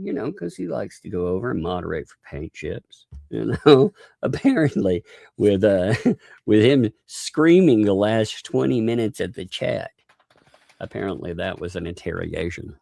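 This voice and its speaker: Male stream host, sarcastic and prone to laughter, rough low voice with lively pitch. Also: dry recording, clean studio sound. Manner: mocking, laughs often, mimics people in high voices. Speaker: channel host. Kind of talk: casual live-stream chat.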